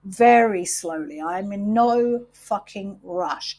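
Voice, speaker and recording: On her podcast, a middle-aged woman talks openly about her wellbeing routines in a medium-pitched, darkish voice. Her delivery is unhurried and reflective, with plenty of swearing.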